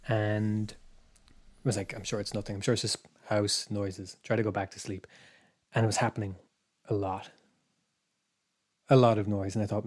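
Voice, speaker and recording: A man's voice: fairly low pitch, steady tone, normal speed, pauses often, a little mellow. A man, a podcast co-host telling a story in casual chat, meandering and hesitant, dropping to a whisper for his own thoughts.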